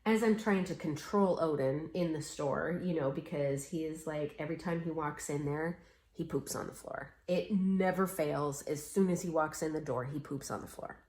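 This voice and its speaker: A woman's voice: sits low, normal speed, a little mellow, roomy sound. A middle-aged woman chatting casually while she stitches, telling stories and acting out the voices of people in them. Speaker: cross-stitch vlogger.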